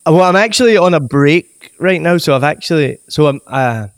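Soft-spoken Scottish man, slow and clear. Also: a little high, lively intonation, no room sound, clean studio sound. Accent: soft Glaswegian Scottish. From Scotland. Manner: slow, carefully enunciated storytelling. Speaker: guest, comedian. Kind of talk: casual podcast interview.

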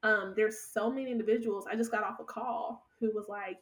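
A woman in her thirties telling stories from her work as a podcast guest, animated and laughing often. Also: medium pitch, a little fast, few pauses, recorded from a distance, poor audio. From United States. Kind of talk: conversational storytelling.

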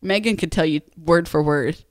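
A podcast co-host with a deep voice speaks at normal speed, animatedly telling a story in easygoing chat, laughing a lot and voicing what others said. The audio is clean studio sound with no room tone.

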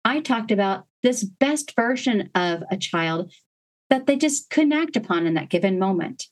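A woman's voice: medium pitch, expressive, normal speed. Woman host explaining parenting steps. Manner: earnest, step-by-step explaining with gentle emphasis. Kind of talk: instructional podcast talk.

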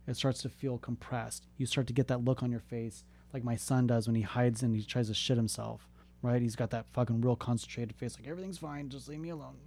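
A man's voice: mid-range voice, flat delivery, fairly quick, a little mellow. A man in his thirties talking bluntly and with lots of swearing, urging listeners to be open and ask for help. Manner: profane, blunt, impassioned. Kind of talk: candid motivational talk.

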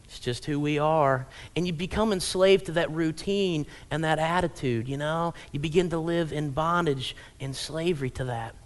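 A man's voice: on the high side, moderate pace, few pauses. A male pastor giving a conversational, humorous sermon in a church, often checking in with the congregation. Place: church sanctuary.

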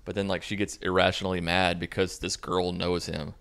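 A man's voice: low voice, level tone, brisk, gravelly, fairly bright tone, clear, resonant tone. A young man casually recapping a movie in a sarcastic, mocking way. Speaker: movie reviewer.

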